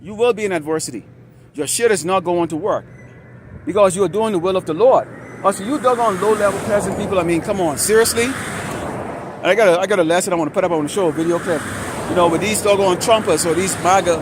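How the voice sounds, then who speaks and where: A man street preaching to a camera outdoors, heated, ranting and profane. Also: high-pitched. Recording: outdoor traffic noise.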